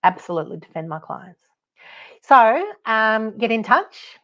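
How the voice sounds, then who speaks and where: A woman's voice: fairly high pitch, sing-song, a little slow, fairly bright tone, muffled recording. Blunt, chatty Australian woman podcaster. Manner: blunt, chatty, laughs at her own stories. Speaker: podcast host and buyer's advocate. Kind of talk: casual solo podcast talk.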